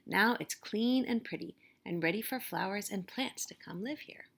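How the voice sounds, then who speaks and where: A woman's voice: mid-range voice, normal speed, gravelly. A woman voicing a happy mother in a storybook read-aloud, heartfelt and light. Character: delighted mother, hopeful nursery owner.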